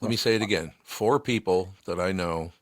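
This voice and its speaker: A man's voice: low-pitched, moderate pace, no room sound, studio quality. A man hosting a podcast, talking bluntly and with some exasperation in casual banter. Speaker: podcast host. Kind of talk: casual talk show banter.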